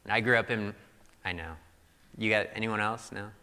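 A man's voice: lowish voice, fairly even intonation, moderate pace, bright, forceful tone, big-room sound. A young adult man from Missouri giving a sermon in a loose, conversational storytelling way, full of "like" fillers. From Missouri, USA. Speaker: pastor.

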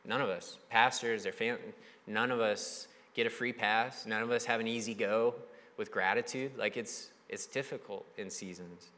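Conversational young pastor in a reverberant hall. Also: male voice, fairly low pitch, moderate pace. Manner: conversational, animated, acts out quoted voices. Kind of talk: sermon.

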